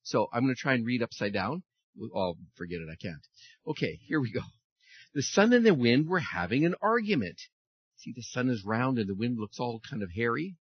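A man leading a children's message in church, speaking in a friendly, animated way to children and reading them a story. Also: mid-range voice, brisk, breathy edge, no room sound, dull audio.

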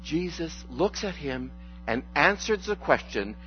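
A man's voice: a little high, big pitch swings, unhurried. A male pastor gives a loose, conversational sermon, quipping as he goes and stumbling through frequent restarts and fillers. The sound is dull and lo-fi, with faint music in the background.

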